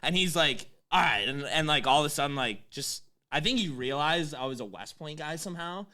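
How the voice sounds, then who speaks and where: A man in his twenties telling a story in casual chat, animated, swearing and laughing as he goes. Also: fairly high pitch, brisk. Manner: animated, swears often, laughs mid-sentence.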